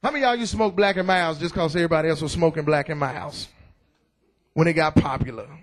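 A middle-aged man preaching a loud, excited sermon in church, calling out to the congregation. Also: on the high side, fast. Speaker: pastor. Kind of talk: energetic sermon.

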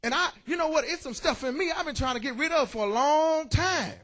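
A man's voice: very high-pitched, fairly quick. A man preaching a sermon as pastor, joking and calling out to his congregation. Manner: lively, joking preaching with call-outs to the congregation. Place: church.

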